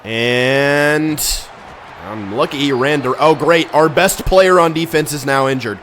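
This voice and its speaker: A young man commentating his own football video game, exasperated and ranting, with sudden loud outbursts. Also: on the high side, normal speed, slight background noise. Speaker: gaming YouTuber. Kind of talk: live gameplay commentary.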